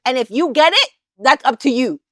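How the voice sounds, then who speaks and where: A woman's voice: high voice, lively intonation, normal speed, fairly bright tone, dry recording, clean studio sound. A woman co-hosting a couples podcast in casual chat, pressing her point and restarting her sentences often. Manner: insistent, explains with many restarts. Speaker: podcast co-host.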